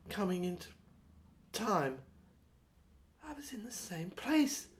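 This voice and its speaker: A woman reads a first-person audio novel, her delivery dreamy and wandering, full of pauses. Her voice sits a little high and swings widely in pitch. She takes her time with every phrase. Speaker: narrator.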